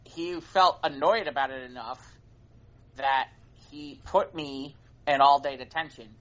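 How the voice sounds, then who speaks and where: A man's voice: on the high side, fairly even intonation, a little slow, a bit bright. A man co-hosting a podcast, telling a story in a casual chat with stammering restarts and repeated phrases for comic effect. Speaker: podcast co-host. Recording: dull lo-fi podcast recording.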